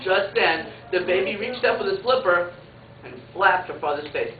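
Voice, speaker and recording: Animated woman teacher reading to children. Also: fairly low pitch, moderate pace. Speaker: pre-K teacher. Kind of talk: reading a picture book aloud to children. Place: classroom. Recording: tinny, echoey classroom from far off. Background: loud classroom noise.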